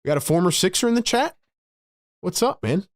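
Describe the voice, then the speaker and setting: A man hosting a fan livestream, giving excitable play-by-play and talking to his chat, with sudden loud bursts of hype. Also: high-pitched, a little fast, no room sound, studio quality.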